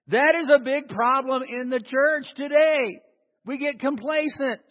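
A man's voice: extremely high pitch, lively intonation, normal speed. A man preaching a sermon to a congregation, emphatic and calling for responses. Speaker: pastor. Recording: dull sound in a long-reverb hall.

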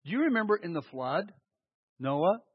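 A man's voice: sits high, sing-song, moderate pace, slightly rough. A man preaching a sermon, emphatic, asking rhetorical questions and answering them himself. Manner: emphatic, stressing single words. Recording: echoey hall, dull lo-fi sound.

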